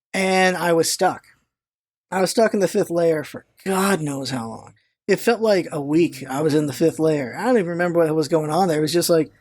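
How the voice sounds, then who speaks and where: A vlogger telling a long personal story in casual, rambling chat, animated, swearing now and then and stumbling over words when excited. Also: medium pitch, no room sound. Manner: animated storyteller, swears, retells own thoughts aloud; restarts and stammers when excited.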